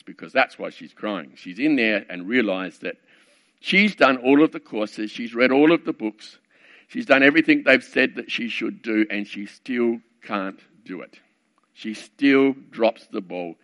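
In a dull lo-fi recording, a middle-aged preacher relates a story from his working life, wry and conversational and full of asides. His voice is medium in pitch with a sharp tone.

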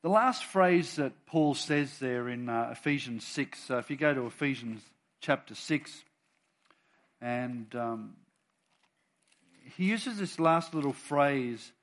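A man preaching to his church, moving between soft chatty asides and loud, bold readings of scripture. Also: medium pitch, lively intonation, slow. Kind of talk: sermon.

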